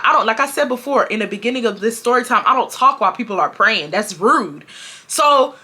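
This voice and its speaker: A woman in her twenties from Houston, telling a storytime to her viewers in casual slang, acting out what others said. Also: fairly quick. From Houston, Texas. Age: 20s. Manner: animated, slangy, acts out quotes with big pitch jumps. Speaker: storytime vlogger.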